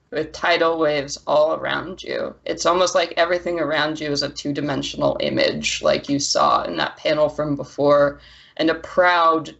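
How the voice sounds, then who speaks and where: Woman gm narrating the story slow, lots of ums, dull lo-fi sound. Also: low-pitched, creaky. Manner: descriptive, unhurried, with fillers. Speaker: game master. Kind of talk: narrating a tabletop game. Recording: dull lo-fi audio.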